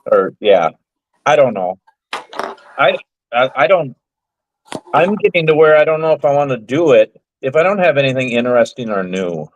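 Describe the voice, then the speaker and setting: Regular guy on a video call, kinda rambly and unsure, laughs a lot, mid-pitched. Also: big pitch swings, moderate pace, pauses often, highs cut off, slight background noise. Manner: rambling, hesitant, laughs easily. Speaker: guest woodworking YouTuber. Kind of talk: casual group video chat.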